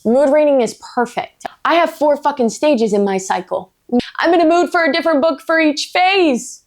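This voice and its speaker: A woman's voice: sits high, animated, moderate pace. A woman book vlogger ranting casually, blunt and emphatic, swearing freely, with playful self-mocking asides. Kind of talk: casual vlog rant.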